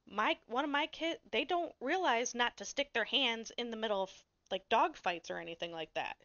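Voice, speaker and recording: A woman's voice: on the high side, moderate pace, dull audio. A woman co-hosting a podcast, telling a story in casual chat, blunt and swearing freely. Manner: animated storyteller. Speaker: podcast co-host.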